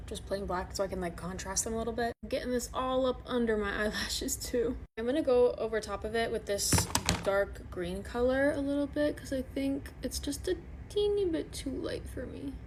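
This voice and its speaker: A woman's voice: fairly high pitch, a little mellow, a little hiss or hum. A woman with a slightly sick voice chatting through a makeup tutorial as she works. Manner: chatty, self-narrating while working. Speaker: makeup vlogger.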